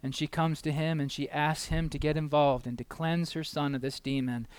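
A male preacher with a high, smooth, resonant voice delivers a fervent sermon. He keeps asking his congregation questions and acts out the people in his story. His voice swings from loud, emphatic peaks to hushed asides, recorded dry and close. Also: level tone, normal speed, no echo. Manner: impassioned, rising to loud emphatic peaks and dropping to quiet asides; asks the listeners many rhetorical questions.

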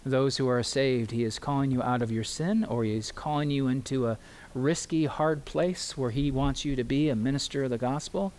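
Man preaching a slow, pleading sermon. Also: medium pitch, a little mellow. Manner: earnest, pleading preaching with slow emphatic phrases; addresses the congregation and tells a story. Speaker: pastor.

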